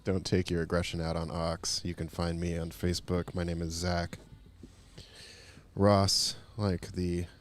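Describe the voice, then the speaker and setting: A man commentating a pool match on his own late at night, rambling and self-mocking, keeping his voice soft. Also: little pitch movement, a little slow, slight background noise. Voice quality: fake accent put on at times. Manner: keeps voice soft and low. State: tired after a long day.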